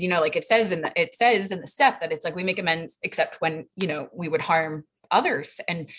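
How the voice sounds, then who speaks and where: A woman in her thirties sharing her recovery story in a chatty, animated way, full of fillers and acted-out quotes. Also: fairly low pitch, slightly rough. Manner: chatty and animated, quotes others in raised voices, frequent fillers. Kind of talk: casual personal storytelling.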